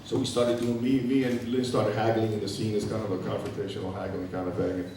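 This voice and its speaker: A man's voice: lowish voice, flat delivery, fast, darkish tone. A man in his fifties, a guest actor telling anecdotes on a festival panel, acting out quoted lines and laughing often. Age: 50s. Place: festival event hall. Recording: echoey hall from far off, faint noise.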